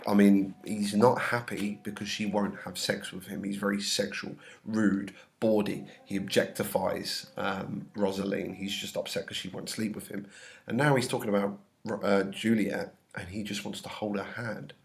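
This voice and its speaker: A man with a lowish voice, a teacher working through a play scene by scene. He reads a line, then retells it in loose modern slang. His voice carries a slight sickly touch. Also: flat delivery, moderate pace, gravelly. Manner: reads verse aloud then paraphrases in casual slang. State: slightly ill. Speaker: English teacher.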